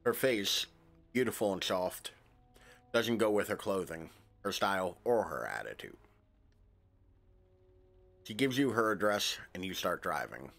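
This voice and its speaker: Lively low-voiced man reading a game. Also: unhurried, vocal fry, pauses often. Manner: casual, wry asides between narration. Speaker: streamer. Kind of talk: reading a narrative game aloud with commentary.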